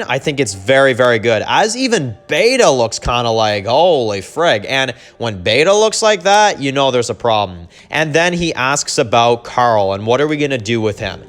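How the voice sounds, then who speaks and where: A man's voice: medium pitch, big pitch swings, normal speed, hardly any pauses, a bit bright, faint music behind. A man casually recapping and rewriting a TV episode, rambling with lots of "you know" and "like" fillers and reading character lines in his own plain voice. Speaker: TV episode reviewer.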